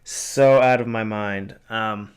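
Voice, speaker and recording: A man's voice: on the low side, steady tone, slow, clean tone. A man in his twenties hosting a podcast, telling a story in a casual, rambling way, with frequent swearing, fillers and restarts. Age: 20s. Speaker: podcast host.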